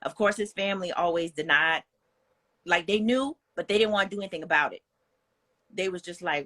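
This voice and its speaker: A woman's voice: on the low side, brisk, pushed and bright. A young woman, speaking as a guest in a candid, personal storytelling style, earnest and frank, with plenty of "like" and "you know".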